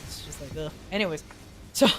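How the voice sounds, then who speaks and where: A woman's voice: low-pitched, fairly quick, soft background music. A woman streamer casually telling a story, swearing freely and acting out quotes. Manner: animated, profane, acts out quotes.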